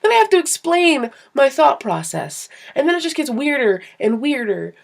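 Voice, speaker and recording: A young woman with a somewhat high voice chats to her camera. She rambles through her stories in an animated, self-deprecating way. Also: moderate pace, creaky. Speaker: vlogger. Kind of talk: casual storytelling to camera.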